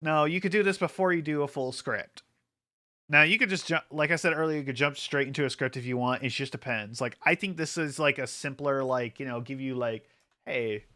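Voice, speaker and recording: A man's voice: mid-range voice, fairly quick, pushed and bright. A man streaming casually, rambling with lots of fillers and frequent laughter, hyped up from an energy drink. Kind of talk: casual livestream chat.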